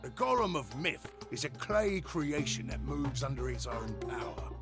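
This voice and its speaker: A cheeky male robot laborer with a Cockney accent, talks in slangy, grumbling asides. His pitch leaps and dips all over. Game music plays clearly behind him. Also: very animated, normal speed. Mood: amiable. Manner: slangy, chatty, complaining. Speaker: video game character.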